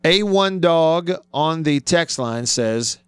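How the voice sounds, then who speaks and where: Sports radio guy, smooth voice, super dry close sound, argues his takes hard. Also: on the high side, lively intonation, slow pace, dry recording. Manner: emphatic, argumentative, thinks aloud with restarts. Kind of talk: sports talk radio commentary. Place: radio studio.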